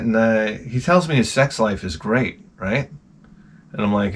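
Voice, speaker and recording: A man's voice: lowish voice, measured pace, pauses often, breathy edge. Profane middle-aged man ranting. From Long Island, New York. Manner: profane, animated storytelling with many restarts. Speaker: host. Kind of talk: rambling comic monologue.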